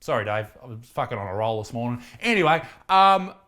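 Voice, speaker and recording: A man's voice: medium pitch, very animated, a little fast, bright, forceful tone. An Australian man hosting a comedic reaction video, mocking the clips he plays with profane, theatrical insults. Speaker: comedian and host.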